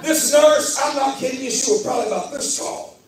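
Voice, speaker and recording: A man preaching a sermon as pastor, moving between loud shouted exhortation and quiet tender storytelling. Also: very high voice, brisk. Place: church hall. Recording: echoey hall with music, from far off.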